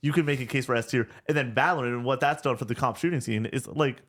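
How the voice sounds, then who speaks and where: Excitable man ranking game studios. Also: mid-range voice, fast talker. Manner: animated, excitable, swears, many restarts. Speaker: podcast co-host. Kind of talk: casual gaming chat.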